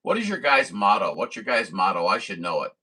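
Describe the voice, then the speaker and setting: A man's voice: lowish voice, sing-song, a little fast, sharp tone, slight background noise, rough recording. A man from Missouri running a CB radio stream, chatting in a folksy, rambling way with radio jargon. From Missouri, USA. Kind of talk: radio contact chat.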